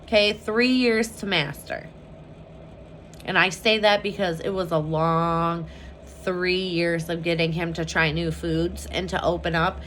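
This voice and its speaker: A woman's voice: mid-range voice, a bit bright, slight background noise. A woman talking candidly at home in a casual vlog, speaking openly about her children, peppering her talk with "like" and casual swearing. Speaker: mother vlogging about her family. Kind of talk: casual personal vlog chat.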